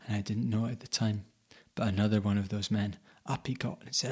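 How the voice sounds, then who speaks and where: A man telling a folk tale in the first person, dramatic, dropping to whispers and rising to sudden loud bursts. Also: lowish voice, flat delivery, a little fast, husky. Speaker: storyteller.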